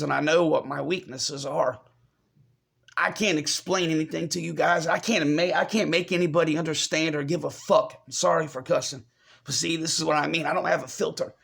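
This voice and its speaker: A man giving a confessional vlog update to his viewers, choked up and fighting back tears, halting and apologetic as he repeats himself. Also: fairly high pitch, steady tone, creaky, a bit bright. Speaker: vlogger.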